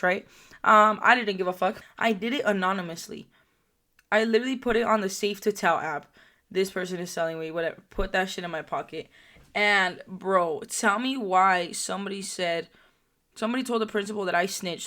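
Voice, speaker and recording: Young female vlogger, profane comic storyteller, brash delivery with loud spikes. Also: medium pitch. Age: young adult. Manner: brash, profane, loud bursts and put-on mocking quotes. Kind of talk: crude comedic storytelling.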